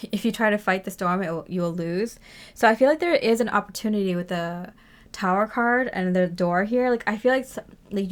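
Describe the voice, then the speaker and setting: A woman talks through a tarot reading in a relaxed, rambling way, stopping for fillers and soft laughs. Her voice sits in a middle pitch, close to the mic and conversational. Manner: chatty and rambling, lots of fillers, laughs often. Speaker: tarot reader. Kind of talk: casual spoken tarot reading.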